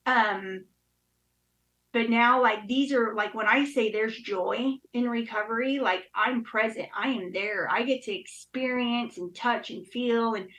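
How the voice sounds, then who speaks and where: A woman's voice: on the high side, unhurried, fairly bright tone, poor audio. A woman in her thirties speaking candidly and emotionally in casual chat, with many fillers. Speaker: guest.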